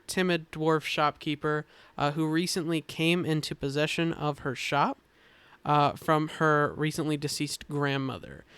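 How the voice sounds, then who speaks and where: A man on a casual podcast, explaining characters in a halting, thoughtful way with many filler pauses. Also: a little high, fairly bright tone, clear, resonant tone, dry recording. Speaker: game designer explaining characters.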